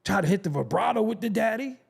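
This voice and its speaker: Emphatic, slightly high-voiced man ranting. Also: animated, quick pace, gravelly, slightly rough. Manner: emphatic, profane and conversational, repeats phrases for effect. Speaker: commentary channel host. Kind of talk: opinionated commentary.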